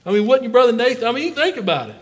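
A man's voice: very high-pitched, big pitch swings, racing, big-room sound. A man preaching a sermon in a folksy way, calling out to members of the congregation by name.

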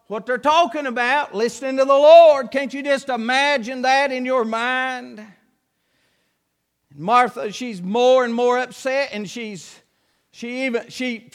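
A man's voice: very high voice, sharp tone. A man preaching a sermon, telling a story in a folksy way and acting out its scenes.

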